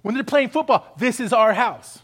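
Male pastor, very high voice, sermon, rising intensity, call-and-response. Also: animated, moderate pace, a bit bright, breathy edge. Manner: acts out pleading voices.

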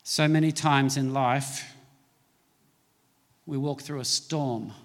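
A man's voice: medium pitch, fairly even intonation, slow pace, long reverb tail. A man preaching a sermon as a pastor, pressing his points with emphatic, rising delivery.

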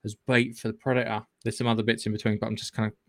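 A man's voice: lowish voice, little pitch movement, very fast, no room sound, studio quality. A man hosting a podcast, retelling a film in a rambling, swearing, casual way with lots of restarts. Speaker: podcast host. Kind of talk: casual film recap chat.

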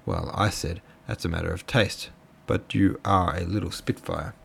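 A man's voice: low voice, fairly even intonation, normal speed, vocal fry, a bit bright, slightly rough, exaggerated voice. A man voicing a half-mad crippled older mother who rambles on with self-pity. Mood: rambling. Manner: rambling, aggrieved.

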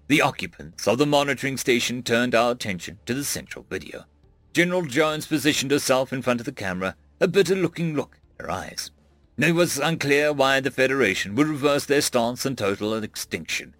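A man narrating a sci-fi audiobook with expressive storytelling. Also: mid-range voice, brisk, no room sound.

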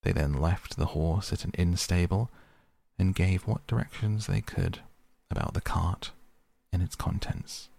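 A man narrating a storybook in a steady, measured reading. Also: low voice, gravelly. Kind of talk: audiobook narration.

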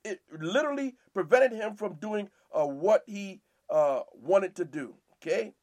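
A man's voice: sits high, lively intonation, measured pace, a little mellow. A man teaching scripture verse by verse in a preaching style, often repeating himself and asking "Amen?". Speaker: Bible teacher and podcast host.

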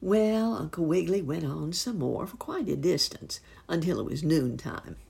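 A woman reading a children's storybook aloud, with expressive, unhurried storytelling. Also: sits low, creaky, slightly rough. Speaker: narrator.

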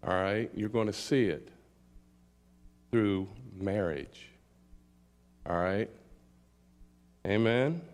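A middle-aged man preaching a sermon, slow and emphatic, often checking in with "all right?". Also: fairly low pitch, darkish tone. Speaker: pastor.

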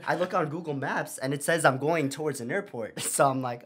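Man, bright edgy voice, lively pitch, podcast guest, laughing storyteller. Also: brisk, hardly any pauses, slightly rough. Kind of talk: casual chat.

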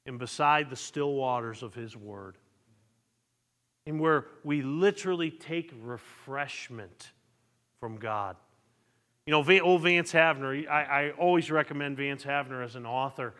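A man's voice: fairly high pitch, slow, long pauses, a bit bright. A male pastor preaching a sermon, asking the congregation questions and repeating his words. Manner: preaching with rising fervor and call-and-response questions; repeats words, stammering restarts. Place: church sanctuary. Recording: long church reverb.

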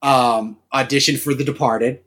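Bright, animated man from Massachusetts. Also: mid-range voice, moderate pace. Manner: animated storyteller, laughs often. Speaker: actor. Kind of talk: casual podcast chat.

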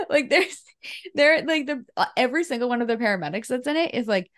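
A woman's voice: sits high, big pitch swings, brisk, fairly bright tone, no room sound, studio quality. Rambling, giggly woman podcast co-host. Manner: rambling, laughing often, many fillers and restarts. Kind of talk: casual chat about movies.

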